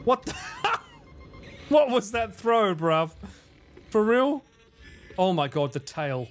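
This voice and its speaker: Taking it slowly, this man with a high voice chats with his stream viewers as he plays, joking around and swearing without restraint. His manner is animated, and faint music plays in the background.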